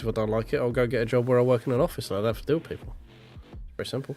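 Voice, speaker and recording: A man's voice: medium pitch, fast talker, darkish tone, soft background music. A millennial man, ranting bluntly and swearing freely in casual stream chat. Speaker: sim racing streamer.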